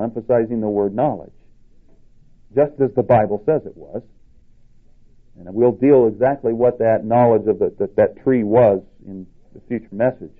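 A man preaching a sermon with emphatic delivery, rising in pitch to stress his points. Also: moderate pace. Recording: tinny phone-like sound.

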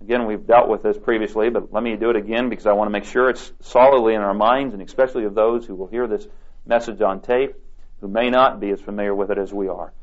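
A man preaching a sermon, reading scripture aloud with deliberate emphasis. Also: on the low side, fairly even intonation. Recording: dull lo-fi tape recording.

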